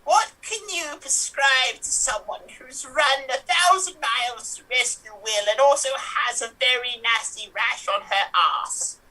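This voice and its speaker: A woman's voice: high voice, unhurried, few pauses, sharp tone, heavily acted. A woman voicing a frail, rambling 85-year-old grandmother in live improv comedy, heard from a distance. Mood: cheeky. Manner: doddery, rambling, cheeky.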